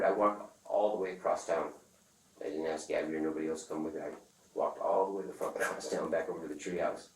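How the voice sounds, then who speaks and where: A man telling a rambling, profane story in casual talk, acting out the other people's lines loudly. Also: very deep voice, fairly even intonation, fast talker. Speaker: interviewee. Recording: echoey room, far from the mic, faint noise.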